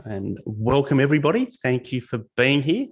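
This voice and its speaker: A man's voice: mid-range voice, big pitch swings, moderate pace, husky. A man with an Australian accent giving a live webinar talk as a guest speaker, chatty and self-deprecating, telling stories over a video call.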